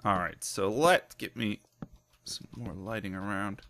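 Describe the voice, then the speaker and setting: A man hosting a let's play who gives casual, excitable commentary with lots of laughs and jokes at his own expense. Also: on the low side, unhurried, slight background noise. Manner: excitable, self-mocking, laughs often.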